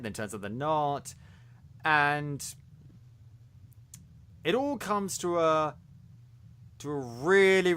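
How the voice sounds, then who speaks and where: A man's voice: a little high, pushed and bright, clear, resonant tone. A man co-hosting a podcast, reviewing a series in casual chat, talking animatedly with many restarts and stumbles. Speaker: podcast co-host.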